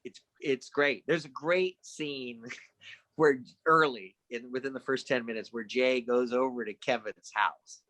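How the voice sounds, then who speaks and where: A middle-aged man, a guest actor, telling anecdotes in a casual podcast chat and acting out the lines of the people in them with lively energy. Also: mid-range voice, measured pace, no echo. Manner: animated anecdotes with lively acted-out quotes.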